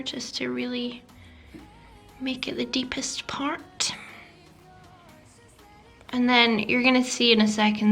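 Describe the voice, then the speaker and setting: A woman's voice: a little high, vocal fry, sharp tone. A woman narrating a makeup tutorial voice-over, chatty and self-deprecating, sometimes dropping to a whisper. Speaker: beauty vlogger. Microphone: voice-over mic.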